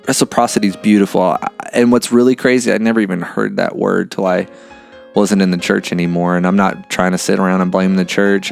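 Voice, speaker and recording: A man with a low, gravelly voice hosts a podcast in a loose, earnest monologue. He muses aloud, swears casually and keeps calling the listener "man". Faint music plays underneath. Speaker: podcast host.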